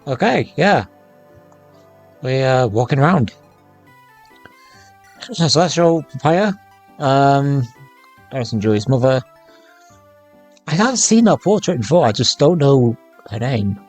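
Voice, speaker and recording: A man with a croaky voice casually commenting on a game, halting and rambling with many pauses. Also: medium pitch, lively intonation, darkish tone, faint music behind. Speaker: let's play host.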